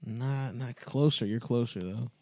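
Male comic co-host, mid-pitched, crude and giggly storyteller, dry close mic. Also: unhurried, a little mellow, no room sound. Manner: crude, laughs often, gossipy storytelling. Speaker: podcast co-host, comedian. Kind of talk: casual comedic chat.

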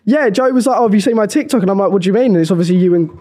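High-voiced young man, rambling chat. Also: very fast, noisy background. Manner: rambling, filler-heavy, giggly. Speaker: podcast co-host. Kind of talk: casual chat. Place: podcast studio.

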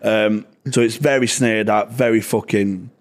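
A young man, a stand-up comedian chatting on a podcast. He tells stories bluntly, swears a lot and gets animated. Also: lowish voice, measured pace. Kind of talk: casual podcast chat.

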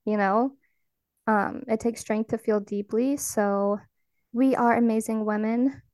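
A woman's voice: a little high, fairly even intonation, a little slow, no echo, clean studio sound. A woman hosting a casual podcast chat, encouraging and speaking straight to her listeners. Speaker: podcast host.

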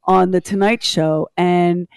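A woman's voice: lowish voice, steady tone, slow, smooth, dry recording. A woman co-hosting a morning radio show from a studio mic, teasing her co-host in mock indignation. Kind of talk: casual radio banter. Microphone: studio microphone.

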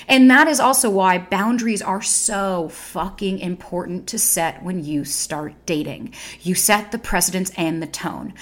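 A woman's voice: fairly low pitch, fairly bright tone. A young adult woman hosting a podcast, talking candidly and bluntly, swearing freely and acting out inner voices. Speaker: podcast host. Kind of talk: candid solo podcast talk.

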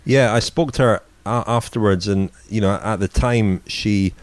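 A podcast co-host with a lowish voice tells a story at a moderate pace, meandering through casual chat with plenty of "you know"s and restarts. There's no room sound.

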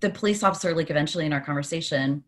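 Lower-pitched woman, animated guest storyteller. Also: very fast. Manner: animated storytelling, laughs often. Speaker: podcast guest. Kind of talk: conversational interview.

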